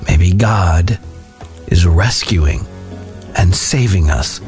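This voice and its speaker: A man giving a devotional talk and reading scripture aloud in a measured, solemn way. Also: deep voice, over music.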